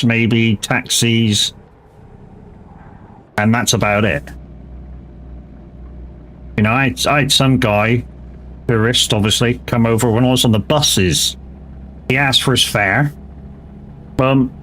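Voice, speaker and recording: A man's voice: medium pitch, fairly bright tone, slight background noise. An English man and gaming streamer in casual chat during a livestream, rambling and chatty, swearing freely. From England. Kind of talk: casual chat while live-streaming a driving game.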